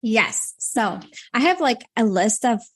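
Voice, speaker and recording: A woman with a Minnesota accent talks as a guest on a podcast. Her voice sits a little high, and her speech rambles, full of "like" and "you know" as she works through her thoughts. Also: lively intonation, slow pace. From Latvia. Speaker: stress coach guest. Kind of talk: podcast interview.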